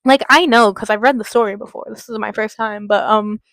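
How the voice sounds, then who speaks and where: A woman's voice: medium pitch, fairly even intonation, fairly quick, fairly bright tone, dry recording. A young woman reading a horror story aloud, breaking off into giggly, rambling asides full of filler words. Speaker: story reader.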